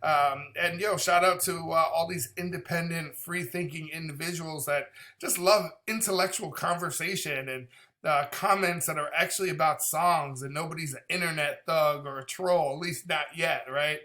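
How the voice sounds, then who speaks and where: A man in his thirties hosts a music reaction channel, his voice fairly high and his pace normal. He chats casually and animatedly, talking a lot and breaking into impressions in a relaxed reaction-vlog style.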